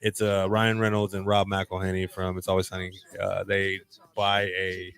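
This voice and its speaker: A man's voice: sits low, monotone, normal speed, fairly bright tone, clean tone. A man co-hosting a casual podcast chat, rambling and reflective, laughing easily. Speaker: co-host.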